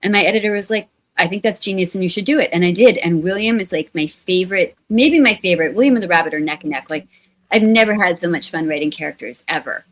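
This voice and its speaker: Woman novelist chatting in an interview, lowish voice, playful, acts out bits. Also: quick pace, low-quality recording. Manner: animated, playful, acts out quotes. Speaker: author being interviewed. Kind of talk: casual conversational interview.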